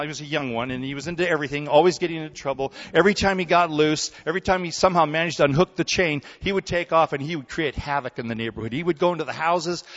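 A man preaching a sermon in a relaxed, conversational way, telling stories and often checking in with his listeners. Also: fairly high pitch. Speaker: pastor. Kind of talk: sermon with storytelling. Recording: dull recording in a hall with long reverb.

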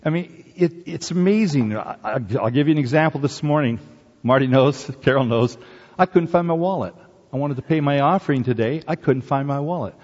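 A man's voice: fairly high pitch, fairly quick, a little mellow. A male pastor preaching to his congregation in an earnest way. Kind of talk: sermon. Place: church hall. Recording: dull lo-fi recording with long hall reverb.

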